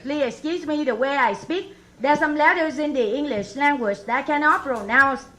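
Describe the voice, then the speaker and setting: A woman's voice: high-pitched, moderate pace, pushed and bright. A woman from Vietnam with a Vietnamese accent doing a stand-up set of one-liners, chuckling at her own jokes. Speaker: stand-up comedian. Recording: live comedy club crowd laughter.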